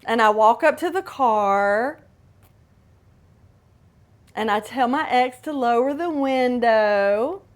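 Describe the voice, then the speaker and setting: Female host, middle-aged, high unhurried voice, confessional storytelling with asides. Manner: candid, dramatic retelling with asides. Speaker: podcast host. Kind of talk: personal storytelling monologue.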